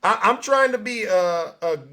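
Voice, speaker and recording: Male call-in host, high bright voice, calm and placating. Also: measured pace. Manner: calm, soothing, repeats names to get attention. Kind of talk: live call-in show hosting.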